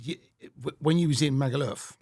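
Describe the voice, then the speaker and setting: Low-voiced woman interviewer, husky. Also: fairly quick, dark tone, no room sound, studio quality. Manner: short prompts, laughs along. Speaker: podcast host. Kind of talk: casual interview.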